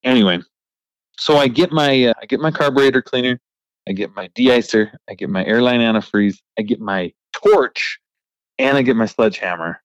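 A man who works as a trucker, hosting a podcast and telling an animated, frustrated story in casual chat with a laugh now and then. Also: mid-range voice, normal speed, no echo, poor audio. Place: remote recording.

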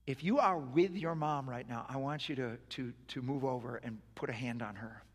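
A man leading a sermon's closing prayer, moving from hushed, tender prayer to loud, forceful proclamation. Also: mid-range voice, moderate pace, in a large hall. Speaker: pastor. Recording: live sermon with music behind. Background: soft worship music.

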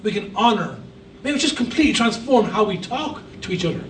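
A man's voice: high voice, expressive, a little fast, a bit bright, reverberant, far from the mic, slight background noise, rough recording. A man preaching a sermon as a guest pastor, emphatic with humorous asides. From Ireland. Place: church hall.

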